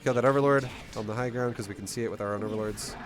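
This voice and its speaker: Blunt, energetic man coaching a strategy game. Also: lowish voice, rapid-fire, soft background music. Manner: energetic, blunt, swears casually. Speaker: gameplay coach. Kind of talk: casual live game commentary and teaching.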